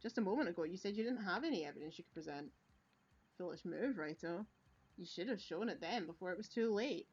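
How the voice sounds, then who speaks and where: A woman's voice: on the low side, expressive, quick pace, a little mellow, husky. A woman voicing a smug, menacing older male police chief who gloats and laughs heartily, read aloud from a video game. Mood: gloating. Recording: lo-fi recording.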